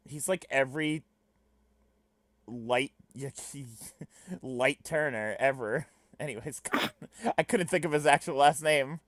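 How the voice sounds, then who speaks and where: A woman streamer reading a webcomic aloud, chatting in a giggly, lively and self-deprecating way. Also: extremely low pitch, slow, no room sound. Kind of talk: casual chat on a live stream.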